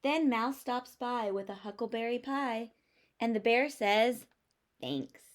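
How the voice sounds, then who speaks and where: A teacher reading a picture book aloud to young children, expressive and explanatory. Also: female voice, fairly high pitch, measured pace.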